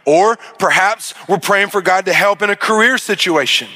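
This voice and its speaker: A man delivering a sermon in a high, bright voice. He tells a story and acts out its characters, often restarting his sentences as he goes. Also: moderate pace, hardly any pauses. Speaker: pastor.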